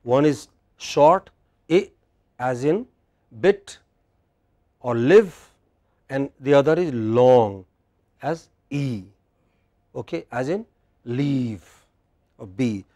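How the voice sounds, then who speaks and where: A man's voice: medium pitch, animated, takes it slowly, long pauses, mellow. Indian man teaching spoken English. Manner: explains patiently, asks the class questions and models pronunciations. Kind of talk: classroom lecture. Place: university classroom.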